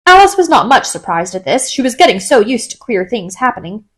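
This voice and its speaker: A woman narrates a classic children's story in a gentle, storytelling manner. Her voice is fairly high and moves through a lively, varied melody. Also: a little fast. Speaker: audiobook narrator.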